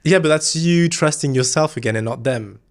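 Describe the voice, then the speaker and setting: A man's voice: a little high, normal speed. A man in casual chat, coaching bluntly with plenty of swearing and laughter. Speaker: podcast guest.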